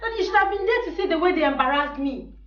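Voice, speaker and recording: A woman's voice: very high-pitched, expressive, very fast, slight background noise. An actress with a Ghanaian English accent playing a spoiled, defiant young woman who complains indignantly in a film drama. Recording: echoey room, mic far off, dull sound.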